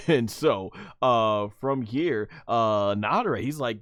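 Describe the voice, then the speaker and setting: A young man streaming a live anime fight breakdown, reading chat, excitable and laughing often. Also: medium pitch, slow, dry recording, studio quality.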